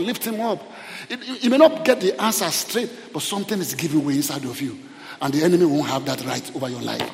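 A man preaches to his congregation, pleading and urging them on. His voice sits high and swings widely in pitch. He is recorded in a roomy church hall with a long, ringing echo. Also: creaky, slight background noise. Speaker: pastor. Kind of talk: sermon. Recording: echoey hall reverb.

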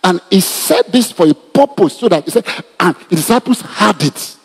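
Pastor preaching, high lively husky voice, big echoey church hall. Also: male voice, moderate pace. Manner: animated preaching with laughs and repetitions. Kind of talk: sermon. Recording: reverberant hall.

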